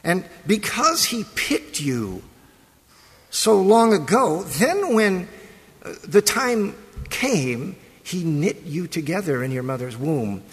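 A man's voice: high voice, big pitch swings. Man preaching in a reverberant church. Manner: conversational, pausing and restarting phrases. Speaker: pastor. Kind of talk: sermon. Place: church sanctuary.

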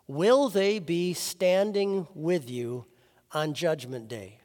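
A man delivers a chapel sermon as chaplain, his voice sitting a little high for a man. He preaches earnestly, telling stories and pushing up his pitch to stress key words. The sound carries a long reverb from the chapel. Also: big pitch swings, moderate pace, darkish tone. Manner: earnest, storytelling preaching with emphatic rises.

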